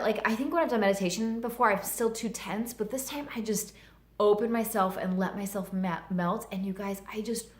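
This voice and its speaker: A woman in her thirties with a medium-pitched voice tells a personal story in a vlog, the sound roomy. She's earnest and heartfelt, and she fills her speech with lots of "like".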